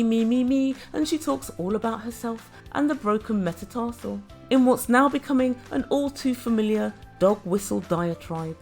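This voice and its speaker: A woman with a fairly high voice recaps a reality show in a chatty, judgmental way, speaking directly to her viewers. Soft music plays quietly behind her. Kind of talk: opinionated recap commentary.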